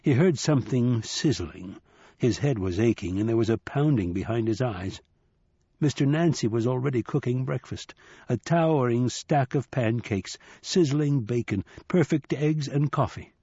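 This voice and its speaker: Husky male audiobook narrator. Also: mid-range voice, dry recording. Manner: measured, even storytelling. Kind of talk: scripted narration. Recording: slightly dull dry recording.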